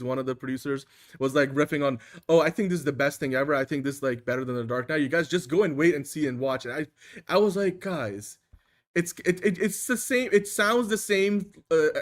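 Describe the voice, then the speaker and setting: Man, fairly high voice, rambling, animated, lots of filler words, casual podcast chat. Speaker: host.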